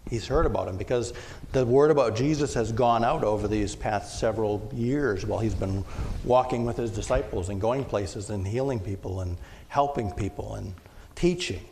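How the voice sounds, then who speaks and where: A male pastor giving a conversational sermon, now and then acting out loud shouted quotes. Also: mid-range voice, moderate pace. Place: church sanctuary. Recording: long church reverb, faint room noise.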